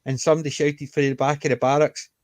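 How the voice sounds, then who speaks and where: A middle-aged man telling family stories in casual conversation, animated and lively. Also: on the high side, fast talker, no room sound. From Scotland. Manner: animated anecdote teller, lively.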